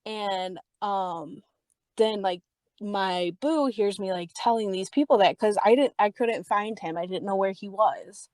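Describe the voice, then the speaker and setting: A woman's voice: unhurried, a little mellow, dry recording. A young woman hosting a podcast, telling a story in a casual, heated way, swearing freely, saying "like" often and acting out the voices in her story. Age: young adult. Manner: reenacts dialogue with raised pitch. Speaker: podcast host.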